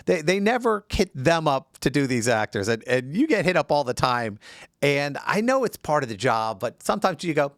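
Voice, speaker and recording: A man's voice: medium pitch, very animated, moderate pace, no echo, studio quality. A man hosting an interview, friendly and conversational. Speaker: interview host. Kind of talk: casual interview chat.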